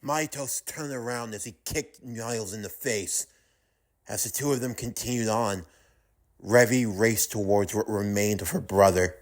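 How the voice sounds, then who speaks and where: A man narrating a fan-made audio drama with steady storytelling. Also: lowish voice, moderate pace.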